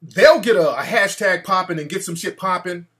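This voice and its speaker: A man's voice: high voice, moderate pace, fairly bright tone. A male talk show host ranting in a brash, profane, mocking way.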